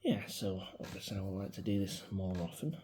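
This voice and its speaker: A man, talking casually and reflectively into his phone in a personal vlog, his voice often dropping to a soft mutter. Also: low voice, lively intonation, a little fast, slight background noise. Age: 40s. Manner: rambling, reflective, grieving, drops into soft mutters. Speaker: vlogger. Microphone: mobile phone.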